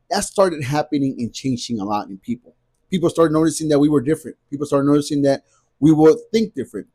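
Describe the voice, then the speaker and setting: A man's voice: on the high side, warm tone, breathy edge. A man in his thirties talking to camera in a casual vlog, emphatic and repetitive as he rants. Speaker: vlogger.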